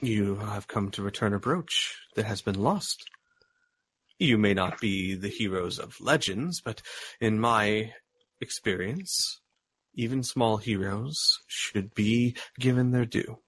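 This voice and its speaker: A stern woman bodyguard in plate armor speaks curtly and formally, as a man running the game voices her. Her words are clipped and measured. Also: fairly low pitch, fairly bright tone, a little hiss or hum. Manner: curt, formal.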